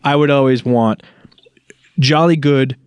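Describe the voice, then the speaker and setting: A man's voice: medium pitch, a little slow, darkish tone, clear, resonant tone, no echo. A man co-hosting a casual comedy podcast, teasing his friend and setting up bits with mock-serious scenarios. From Midwest US. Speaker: podcast co-host.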